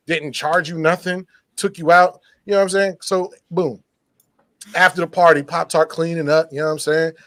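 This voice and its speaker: A man with a raised, higher-leaning voice chats casually on stream, swearing freely and getting worked up as he tells a story. His voice is dry and close, with no room around it. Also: dry recording. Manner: profane, excitable storytelling. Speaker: streamer hosting a chat. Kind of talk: casual chat.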